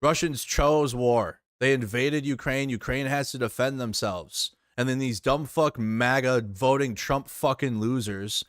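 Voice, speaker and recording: A man ranting angrily into a close, dry mic, swearing constantly as he reacts to the news. His voice sits at a mid pitch and he hammers the same points again and again. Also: fairly even intonation, moderate pace, dry recording. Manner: heated, swearing, repetitive. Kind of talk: profane angry rant.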